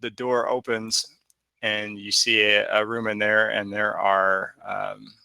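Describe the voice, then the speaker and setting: A man narrating a tabletop game as game master, with halting, filler-heavy narration. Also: on the low side, little pitch movement, creaky, sharp tone, clean tone, no room sound.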